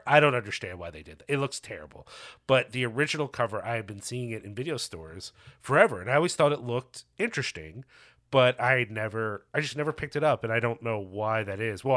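A man co-hosting a movie podcast with a bright, forward voice. He rambles, often restarting his sentences mid-thought, and swears casually as he chats. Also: medium pitch. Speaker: podcast co-host.

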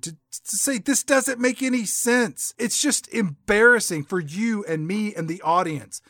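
A man delivers sarcastic movie commentary in a gravelly, bright voice. His pitch sits fairly high for a man. The sound is dry and close. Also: measured pace, hardly any pauses, no room sound. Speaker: podcast co-host. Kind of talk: casual movie recap chat.

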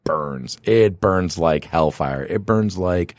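A man co-hosting a casual chat, joking and telling stories in an animated way. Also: deep voice, takes it slowly, no echo, clean studio sound.

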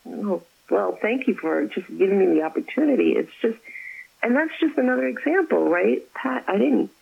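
A woman, an author, chatting as an interview guest and telling stories about her faith with effusive warmth. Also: mid-range voice, lively intonation, moderate pace, creaky, slightly rough, phone-quality sound. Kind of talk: casual interview chat.

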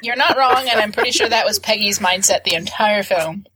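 A woman's voice: medium pitch, brisk, over a noisy crowd, low-quality recording. A woman co-hosting a movie podcast in casual chat, chatty and nerdily enthusiastic, laughing often. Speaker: podcast co-host.

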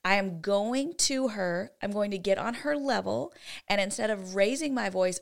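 A woman's voice: mid-range voice, normal speed, gravelly. A woman co-hosting a faith-based parenting talk, teaching in an earnest way and often checking in with "right?". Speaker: co-host.

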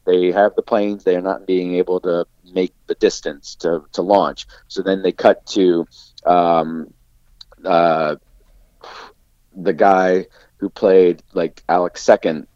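A very low-voiced man recounts a story in a loose, animated way, peppering his sentences with "like." His voice comes through dry and a bit dull, as on a lo-fi recording. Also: slow pace, no room sound. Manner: animated storyteller, heavy use of "like" fillers. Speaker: podcast guest, actor. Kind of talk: casual anecdote-telling.

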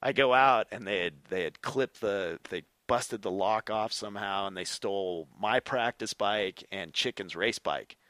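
A middle-aged man, a former motocross racer, telling stories as a podcast guest in an animated way and swearing freely. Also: fairly low pitch, moderate pace, hardly any pauses, no echo. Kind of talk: casual storytelling.

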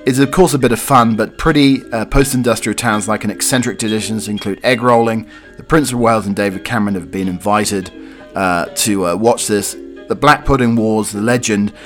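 A man's voice: fairly low pitch, a bit bright. Stuffy-voiced man rambling over news. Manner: rambling asides with many fillers. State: has a cold. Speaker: podcast host. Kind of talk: casual monologue reading news stories.

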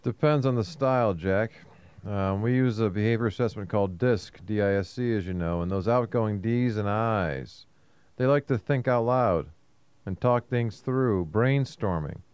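Chatty man with a smooth, dry voice. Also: on the low side, moderate pace, a little mellow, no room sound. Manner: chatty, repeats words, laughs easily. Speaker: co-host. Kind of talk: casual radio talk.

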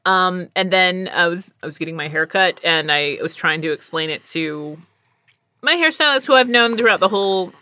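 A young adult woman, a guest in a casual chat, telling animated stories and laughing often. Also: lowish voice, moderate pace.

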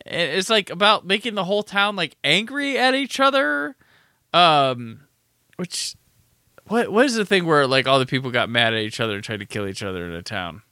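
A man's voice: fairly high pitch, lively intonation, moderate pace, bright, forceful tone, no room sound, clean studio sound. A man hosting a podcast, chatting casually and animatedly about a film, with a rambling style full of "like". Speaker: podcast host.

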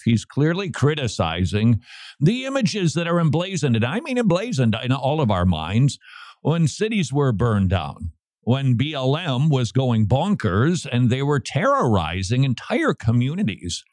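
A man hosting a talk radio show, giving animated commentary and teasing his co-host. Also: medium pitch, a little slow, no echo. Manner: animated, teasing, reads lyrics aloud.

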